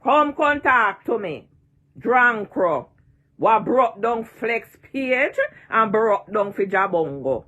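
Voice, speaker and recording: A woman's voice: on the high side, very animated, takes it slowly, a bit bright, lo-fi sound. A woman in her sixties with a Jamaican accent, ranting and taunting in a vlog, repeating her jeers and cursing freely. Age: 60s. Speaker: online personality.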